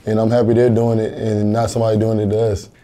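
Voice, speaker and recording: A man's voice: fairly low pitch, completely flat delivery, fast, mellow. A young college football player answering interview questions in an earnest, plain-spoken way, often repeating words as he thinks. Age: young adult.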